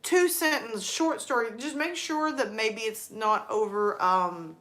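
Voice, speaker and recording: A woman's voice: fairly high pitch, unhurried. A woman in her thirties hosting a live stream, chatting casually and rambling through stories about her kids and her mom. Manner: chatty, rambling, animated storytelling.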